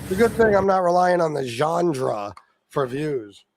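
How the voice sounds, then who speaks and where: A man's voice: a little high, sing-song, a little slow, a little hiss or hum. A man hosting a livestream, talking in crude, profane, mocking banter and laughing at his guests. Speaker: livestream host.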